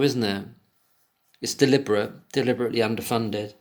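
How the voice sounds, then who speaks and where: A man with a fairly low voice reads passages aloud in a solo commentary. Between the passages he breaks into emotional, indignant tirades full of swearing. He keeps returning to the text and then flaring up again. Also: steady tone, moderate pace, a bit bright. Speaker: commentator reading and discussing an article. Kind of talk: solo commentary, reading aloud with angry asides.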